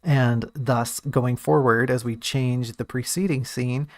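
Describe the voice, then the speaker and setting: A man's voice: mid-range voice, fairly even intonation, slow, no room sound, studio quality. A man who writes and streams, talking casually and thinking aloud about a story draft, often restarting and correcting himself.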